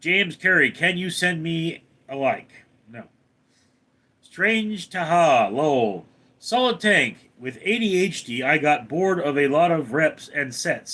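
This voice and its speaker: A man's voice: on the high side, fairly bright tone. A man hosting a casual live stream, reading out viewer names and comments and answering them briefly. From Los Angeles, California. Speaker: livestream host reading chat.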